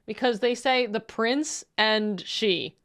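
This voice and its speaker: A woman's voice: fairly high pitch, slow pace, a bit bright. A woman streamer giving casual reaction commentary on a video, playful, laughing often and swearing freely.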